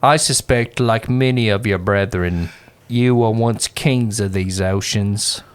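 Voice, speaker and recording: A man as a slow, formal sorcerer. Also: lowish voice, smooth. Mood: ceremonious. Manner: slow and ceremonious. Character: formal, flattering male sorcerer speaking to spirits.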